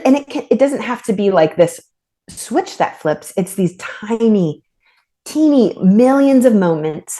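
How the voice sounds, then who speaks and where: A woman author and trauma therapist, speaking as a podcast guest in a thoughtful, halting way with frequent restarts. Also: lowish voice, dark tone. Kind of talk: reflective podcast conversation.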